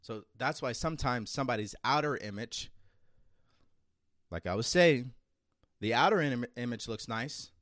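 A man's voice: mid-range voice, normal speed, long pauses, a bit bright, no room sound, studio quality. A man hosting a self-improvement show, giving an emphatic motivational monologue full of rhetorical questions. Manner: acts out a nagging inner voice. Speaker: self-improvement podcast host.

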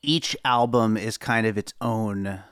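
A man's voice: fairly low pitch, slow pace, fairly bright tone, clear, resonant tone, dry recording, studio quality. A man co-hosting a podcast in casual chat, hesitant and mumbling at times, laughing often. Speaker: podcast co-host, musician.

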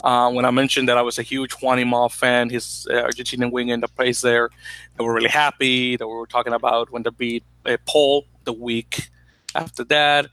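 Bright-voiced man telling a rambling story. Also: medium pitch, fairly quick, no room sound, poor audio. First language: Spanish. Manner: rambling, animated storytelling with many fillers. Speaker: podcast co-host. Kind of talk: casual chat.

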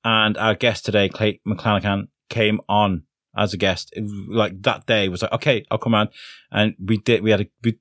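A podcast host talks into a close mic in a dry, deadened room. His voice sits fairly low, and he rambles cheerfully with plenty of fillers, often poking fun at himself. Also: fairly even intonation, normal speed, fairly bright tone, no echo. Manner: chatty and self-deprecating, rambling with fillers. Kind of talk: solo podcast intro, casual chat.

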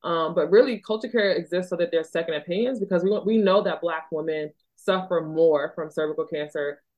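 A Philadelphia woman who is an OB-GYN doctor hosts a casual podcast chat, earnest and chatty with plenty of "like" and "you know." Her lowish, slightly mellow voice moves briskly over a muffled recording.

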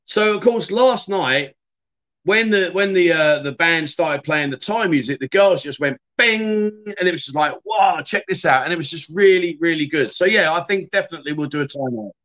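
A man's voice: fairly high pitch, normal speed, a bit bright. A middle-aged man, hosting a casual livestream and chatting loosely with many fillers and restarts. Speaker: livestream host.

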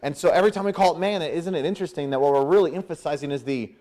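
A man preaching a sermon, acting out voices in a lively, conversational way. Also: on the high side, very fast. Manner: animated, acts out crowd voices with "hey". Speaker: pastor.

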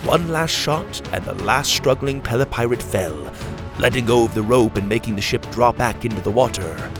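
A man narrating a children's adventure story in an animated way, voicing each character. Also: medium pitch, moderate pace, music in the background.

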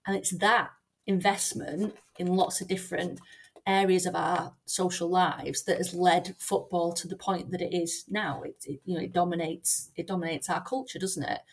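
Lowish woman's voice, academic guest on a podcast, lots of ums and restarts. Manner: thoughtful, many fillers and restarts. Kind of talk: podcast interview.

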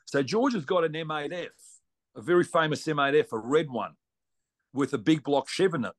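A man's voice: fairly high pitch, expressive, normal speed. A man with an Australian accent, a racing guest telling a long story in a blunt, salty, colloquial way. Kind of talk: casual storytelling.

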